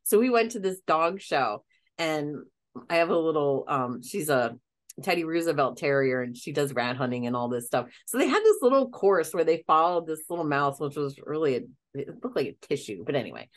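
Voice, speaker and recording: A woman telling stories in a casual conversation, chatty and quick to laugh. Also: deep voice, very animated. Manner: chatty storyteller, breaks into laughter.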